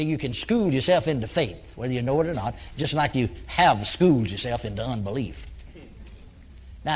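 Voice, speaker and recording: A man's mid-range, breathy-edged voice carries a folksy storytelling sermon. He acts out conversations with congregants who came for prayer, chuckling as he moves between points.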